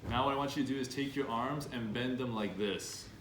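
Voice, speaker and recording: In an echoey room with faint background noise, a male workshop speaker leads students through an interactive session. He's upbeat and prompts the audience with questions. His voice sits at medium pitch with a fairly bright tone, and he moves fairly quickly.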